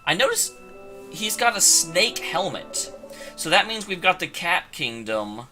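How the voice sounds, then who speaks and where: A man's voice: sits high, big pitch swings, a little slow. A man streaming a video game, chatting in a casual, sarcastic, playful way. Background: game music.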